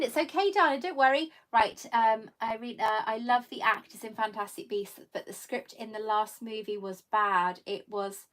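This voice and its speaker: A middle-aged woman talks casually into a computer mic during a live stream. She rambles, warm and self-mocking, and breaks off to greet viewers by name. Her pitch sits in the middle of the usual range for a woman. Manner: chatty and self-mocking, reading comments aloud, laughing often. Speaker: YouTuber answering live chat.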